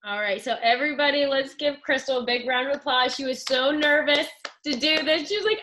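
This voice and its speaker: Bright, upbeat woman host. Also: high-pitched, fairly quick. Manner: upbeat, gushing, animated retelling. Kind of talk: wrapping up a team call.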